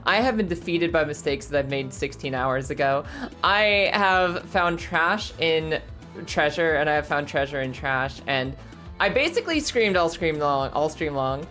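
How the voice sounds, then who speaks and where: Hoarse low-voiced woman streamer, chatty and giggly, very lively swings, faint music behind. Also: measured pace. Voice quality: scratchy throat. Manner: bubbly, laughs often, rambling. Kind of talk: casual stream chat.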